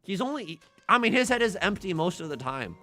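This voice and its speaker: A man's voice: high voice, big pitch swings, fairly quick, bright, forceful tone, no room sound. A young man streaming a tile game live, talking through each move and joking with his chat. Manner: playful, jokey, talks to chat.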